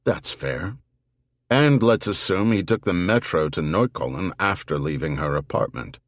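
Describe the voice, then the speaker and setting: A man's voice: low-pitched, lively intonation, measured pace, no echo. A man voicing a pragmatic male army investigator in an audiobook, dry and businesslike.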